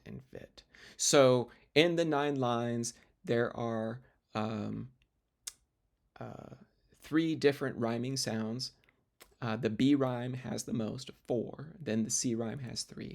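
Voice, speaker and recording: A man's voice: medium pitch, slow pace, vocal fry. A man teaching literature in a recorded lecture video, explaining step by step with fillers and restarts.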